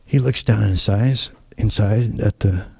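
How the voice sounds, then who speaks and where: A man's voice: lowish voice, measured pace, vocal fry, husky, no echo. A man hosting his own channel, telling a casual story in a rambling, blunt and opinionated way. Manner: rambling, acts out quoted dialogue. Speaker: channel host.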